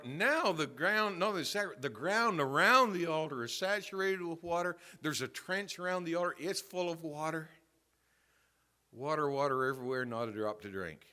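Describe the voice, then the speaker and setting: A man pastor preaching a sermon in a church, telling a story with swings from quiet asides to loud emphasis. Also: on the high side, animated, moderate pace. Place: church sanctuary.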